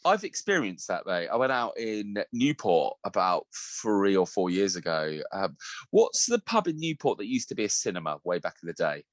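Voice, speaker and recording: A man's voice: on the low side, sing-song, normal speed, no room sound. A man, a podcast co-host who tells stories animatedly, laughs a lot and swears freely. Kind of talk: casual podcast chat.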